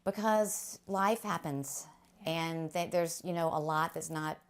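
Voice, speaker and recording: A woman guest speaking earnestly about her faith on a talk show, halting, with many restarts. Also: sits low, smooth. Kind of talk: faith testimony interview.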